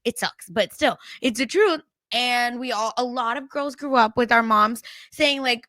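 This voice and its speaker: A young woman from India, co-hosting a podcast in a casual chat, animated and laughing as she acts out family quotes. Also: on the high side, measured pace, hardly any pauses, no echo, studio quality. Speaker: podcast co-host.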